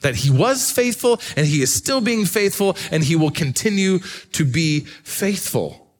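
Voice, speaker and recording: A middle-aged man preaching a sermon as a pastor, telling a personal story with animated swings from hushed to excited. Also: a little high, measured pace. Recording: long reverb of a large hall.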